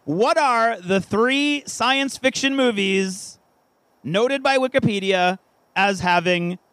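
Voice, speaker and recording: Male co-host, high and animated, dry close sound, teasing quiz-host energy. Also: takes it slowly, no echo, poor audio. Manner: playful, animated quizmaster. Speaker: podcast co-host. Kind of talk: live podcast trivia quiz.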